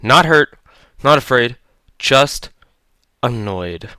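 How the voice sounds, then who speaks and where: Bright, crisp male horror narrator. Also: medium pitch, lively intonation, takes it slowly, no room sound. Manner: tense, clipped dramatic delivery. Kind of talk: dramatic horror story narration.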